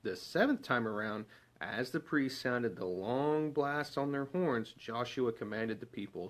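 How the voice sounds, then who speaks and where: A man delivers a devotional sermon in a relaxed, conversational way. He speaks at an ordinary pitch and often stops to put rhetorical questions to his listeners. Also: measured pace. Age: adult parent. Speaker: preacher.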